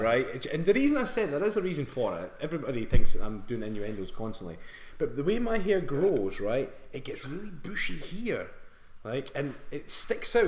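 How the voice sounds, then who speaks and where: A man's voice: medium pitch, a little hiss or hum. Scottish guy cracking jokes on a live stream, echoey room. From Scotland. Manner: jokey, teasing banter. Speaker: fitness coach co-host.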